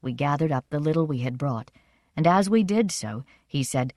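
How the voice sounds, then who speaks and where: A woman narrating a first-person story in a measured, expressive reading. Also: low-pitched, dry recording, clean studio sound. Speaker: audiobook narrator.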